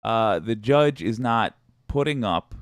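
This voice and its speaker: A man's voice: fairly low pitch, expressive, slow, no room sound, clean studio sound. A man hosting a political commentary show, talking casually with wry, profane, rambling asides.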